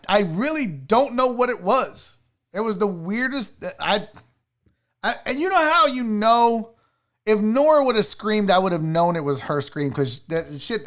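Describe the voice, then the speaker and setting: A man spins a personal story on his casual show, his voice rising and falling widely. He talks loosely, with restarts and the odd curse word. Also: fairly high pitch. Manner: animated storyteller who swears casually. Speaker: sports show host.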